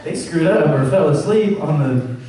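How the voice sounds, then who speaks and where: A man, a voice actor, telling stories and answering fan questions on a convention panel, acting out quoted lines in a higher voice. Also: expressive, moderate pace, mellow. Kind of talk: Q&A panel storytelling. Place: large echoey event hall. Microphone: room recording from the audience. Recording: echoey hall, far from the mic.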